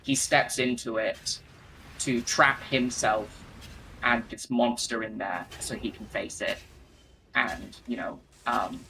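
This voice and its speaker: A man's voice: medium pitch, fairly even intonation, slow pace, vocal fry, background noise. A man casually retelling game lore while playing, rambling with lots of fillers and restarts.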